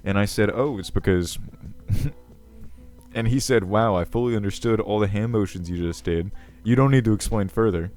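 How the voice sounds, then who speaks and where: A man's voice: on the low side, moderate pace, darkish tone, close to an everyday voice. A man voicing a self-important, ancient male goblin king who rambles, with a crackly voice, over faint background music. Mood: rambling. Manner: pompous, rambling, self-assured. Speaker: video host. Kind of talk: character comedy Q&A.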